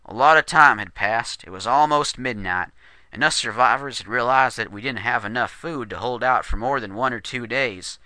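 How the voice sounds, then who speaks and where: A man narrates a western horror tale in a steady, descriptive way. His voice is strikingly bright and forward, with a mid-range pitch. The mic is close and the sound completely dry. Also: moderate pace, no room sound.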